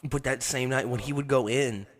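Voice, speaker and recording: A man's voice: medium pitch, moderate pace, crowd noise. A young man co-hosting a podcast, telling crude, profane stories and laughing often as he goes. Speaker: podcast co-host. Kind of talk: crude casual storytelling.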